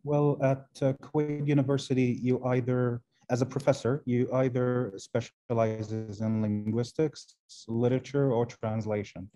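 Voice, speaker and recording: A man whose first language is Arabic talks as a guest professor in an interview over a video call. His tone is mellow and warm, and he pauses and repeats words while he builds careful, thoughtful answers. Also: medium pitch, level tone, lo-fi sound. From Arab world. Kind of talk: interview conversation.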